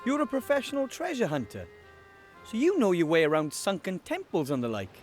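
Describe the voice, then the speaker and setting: A man's voice: high voice, big pitch swings, a little fast, soft background music. An actor playing a timid young male gnome wizard in a video game, nervous and stammering.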